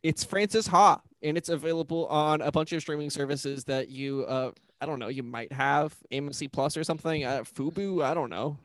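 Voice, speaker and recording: A man co-hosting a casual movie podcast, talking in a relaxed, rambling way. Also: a little high, moderate pace, hardly any pauses, dry recording. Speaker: podcast co-host.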